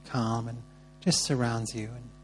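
A man's voice: mid-range voice, little pitch movement, normal speed, soft background music. A man leading a church workshop, guiding the group through prayer and then encouraging people to share. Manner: gentle and encouraging, upbeat when calling on people.

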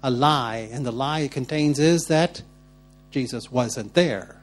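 A man preaching a sermon, telling personal stories straight to the congregation and moving between quiet asides and loud bursts. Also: mid-range voice, measured pace. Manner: animated, swinging between soft asides and loud outbursts; laughs often while telling stories.

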